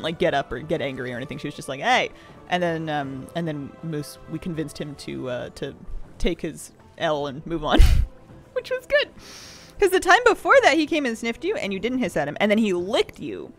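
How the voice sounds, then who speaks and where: A woman's voice: on the low side, very animated, normal speed, faint music behind. A young woman streamer chatting casually with viewers, telling rambling stories with laughs.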